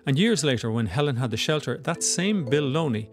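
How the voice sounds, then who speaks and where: A man narrating a documentary in a measured, scripted way. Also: medium pitch, lively intonation, music in the background.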